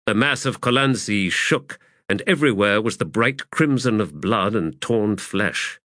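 A man reading a war novel aloud as an audiobook narrator, in measured, steady storytelling. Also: lowish voice, dry recording, clean studio sound. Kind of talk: scripted narration.

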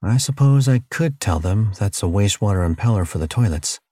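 A man's voice: on the low side, animated, a little fast, dark tone, no echo, clean studio sound. A man reading an audiobook, voicing a sarcastic stranded human captive with wry asides.

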